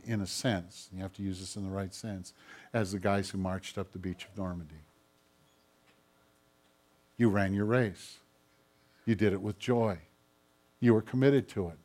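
A man preaching a sermon as a pastor, with an expressive delivery that swings from loud emphasis down to quiet, low prayer. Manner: acts out quoted voices in the middle of teaching.

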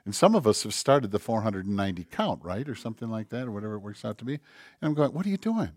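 A man preaching a conversational sermon, swinging between loud emphasis and hushed, quiet quoting. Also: lowish voice, lively intonation, fast, no room sound, clean studio sound. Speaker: pastor.

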